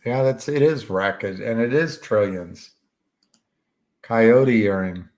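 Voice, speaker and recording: A man with a lowish voice talks in a loose, rambling way, as if reading and answering comments on a live stream. He speaks slowly, often stalling mid-sentence and hunting for a word with ums and uhs. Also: a little mellow. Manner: halting, searches for words with many fillers. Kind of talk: casual rambling chat.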